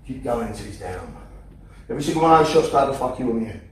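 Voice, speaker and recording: A man's voice: medium pitch, expressive, very fast, slight background noise. A man teaching a self-defense class in a training hall, blunt and profane, driving his points home with emphasis. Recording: echoey hall from a distance.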